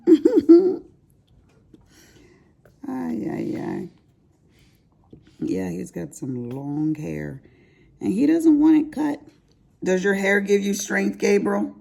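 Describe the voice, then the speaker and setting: A woman's voice: on the low side, expressive, slow, creaky, pauses often, darkish tone. An older grandmother chatting casually to her viewers as she crafts, rambling and laughing at her own asides. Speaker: crafting vlogger. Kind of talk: casual chat while crafting.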